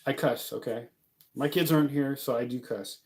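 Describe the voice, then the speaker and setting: A young man from the United States rambles through a casual vlog chat, laughing and joking as he goes. His voice is mellow and dark, sitting at an ordinary middle pitch. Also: normal speed. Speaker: vlogger living abroad. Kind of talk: casual talking-head vlog.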